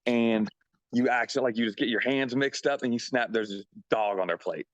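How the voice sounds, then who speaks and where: A man's voice: medium pitch, a little fast, dry recording, muffled recording. Rambling, jokey male musician. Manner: rambling, jokey, many restarts and "like"s. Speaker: musician guest. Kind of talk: casual interview chat.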